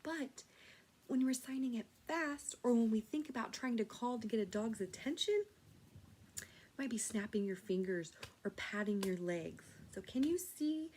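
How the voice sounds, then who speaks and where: A woman teaching a children's sign language lesson, speaking gently and patiently and explaining each step. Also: on the high side, lively intonation, moderate pace, slight background noise.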